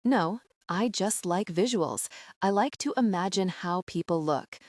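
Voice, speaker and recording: A woman voicing a composed, wealthy male businessman who teases in a dry, measured way. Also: mid-range voice, animated, darkish tone, no room sound, close to an everyday voice. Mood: teasing.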